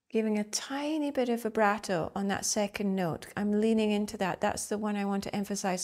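A woman teaching flute, talking calmly and thoughtfully. Her voice sits at a middle pitch. She explains with gentle, reflective phrasing and vivid images. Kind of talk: instructional explanation.

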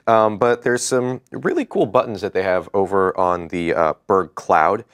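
Low-voiced man co-hosting a tech show. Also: animated, measured pace, clear, resonant tone, no room sound, studio quality. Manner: enthusiastic, conversational. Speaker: co-host. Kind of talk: casual tech show chat.

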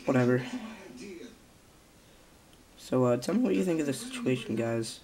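A man's voice: medium pitch, lively intonation, moderate pace, a little mellow. A young man with a nasal voice, a little sick, giving casual, hesitant spoken commentary on his video channel. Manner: hesitant, many fillers and restarts. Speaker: vlogger.

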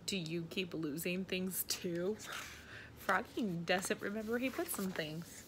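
A woman reading a children's picture book aloud in an animated way, with soft whispered asides to young listeners. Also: fairly low pitch, slow, a little hiss or hum. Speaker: read-aloud storyteller.

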